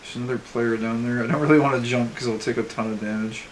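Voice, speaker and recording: A man's voice: mid-range voice, fairly even intonation, quick pace, slight background noise. A young man streaming an online game, thinking aloud in a dry, sarcastic way and reading quest text as he plays. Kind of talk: casual let's-play commentary, reading game text aloud. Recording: faint game music underneath.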